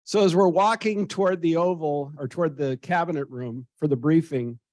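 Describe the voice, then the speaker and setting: A man's voice: on the high side, moderate pace, dry recording. A man in his sixties with an American accent, telling an anecdote as a guest and acting out the voices of others. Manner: animated, acts out quoted voices. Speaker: interviewee. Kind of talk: storytelling anecdote.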